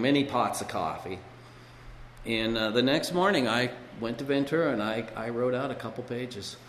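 A man's voice: medium pitch, fairly bright tone, a little hiss or hum. Rambling man telling his story in an echoey hall. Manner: rambling storyteller, leans on "you know". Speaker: speaker at a recovery meeting. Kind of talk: personal recovery testimony. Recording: echoey hall with long reverb.

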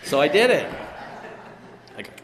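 A man's voice: fairly high pitch, big pitch swings, normal speed, fairly bright tone, a little hiss or hum. A man giving a personal recovery testimony at a meeting, a rambling storyteller who leans on "you know". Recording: echoey hall with long reverb.

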